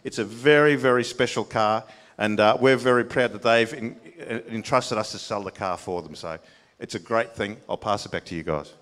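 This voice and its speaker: An Australian man presenting at a car auction, explaining a car in a halting, rambling way. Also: on the low side, a bit bright. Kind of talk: casual live commentary. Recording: reverberant hall.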